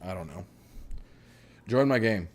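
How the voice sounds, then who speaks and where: A man's voice: low-pitched, lively intonation, unhurried. A man hosting a casual gaming livestream, chatting in an easygoing, rambling way with lots of fillers. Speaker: streamer host.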